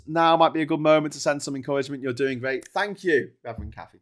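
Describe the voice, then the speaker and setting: A man's voice: a little high, fast talker, hardly any pauses. A tired man hosting a solo livestream, talking in a rambling way with frequent restarts and fillers. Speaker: livestream host.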